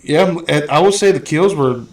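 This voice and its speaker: A podcast host with a voice on the high side, talking at normal speed, chats casually about a movie. He's blunt and profane, telling stories in an animated way.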